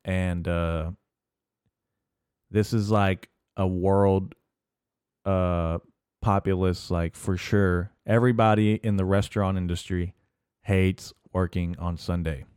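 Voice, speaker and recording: A man with a lowish, smooth voice, recorded dry and close, hosting a casual solo podcast rant. He rambles and swears constantly, with plenty of "uh"s and restarts. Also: steady tone, slow pace, a little mellow, dry recording. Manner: profane, rambling, heavy swearing; filler-heavy, restarts often. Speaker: podcast host.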